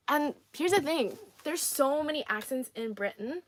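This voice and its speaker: Young woman from China, casual livestream host; playful and chatty, a fairly high voice. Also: animated, moderate pace, hardly any pauses. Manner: chatty and playful, laughs often, repeats herself. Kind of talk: casual livestream chat reading comments.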